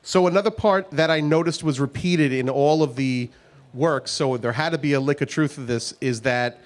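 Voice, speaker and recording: A man interviewing a guest, asking long, halting questions. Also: fairly high pitch.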